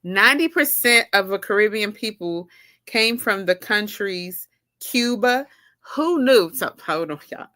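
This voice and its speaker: Bright-voiced woman talking casually. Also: mid-range voice, lively intonation, a little slow, dry recording, clean studio sound. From United States. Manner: rambling, with many fillers and restarts. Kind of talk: casual informal talk.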